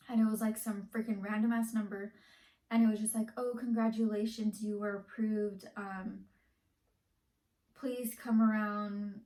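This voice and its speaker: A woman's voice: mid-range voice, darkish tone. A young woman telling a casual storytime, rambling and filling her speech with "like". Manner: rambling, heavy use of "like". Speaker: vlogger. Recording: echoey room.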